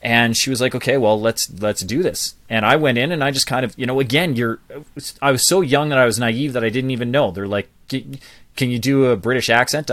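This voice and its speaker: A man around forty, a public speaking coach, telling his life story as a guest in an interview with lively asides. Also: mid-range voice, no echo. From Canada.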